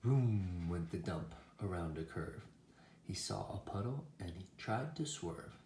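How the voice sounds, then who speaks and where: A man reading a children's picture book aloud in a slow, expressive, sing-song way, with animal sounds. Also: sits low. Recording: echoey room with faint noise.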